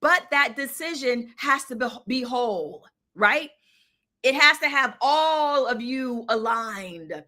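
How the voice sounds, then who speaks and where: Bright, high-voiced woman hosting a live stream. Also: expressive, slow. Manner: emphatic, repeats phrases, calls to the chat, asks "right?". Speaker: host of a live mindfulness stream. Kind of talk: live-streamed motivational talk to chat.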